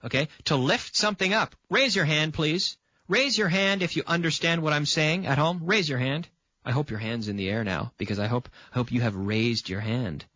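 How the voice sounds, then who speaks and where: A man's voice: fairly high pitch, normal speed, sharp tone, no echo, muffled recording. A man from Canada teaching an English grammar lesson on video. He repeats example sentences and checks in with the viewer by asking "okay?".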